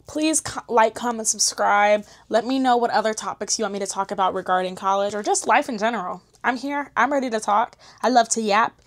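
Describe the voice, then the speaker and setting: A woman's voice: fairly high pitch, fairly quick, hardly any pauses. A young woman chatting candidly to camera, slangy, emotional and encouraging. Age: young adult. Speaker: vlogger. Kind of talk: casual chat to camera.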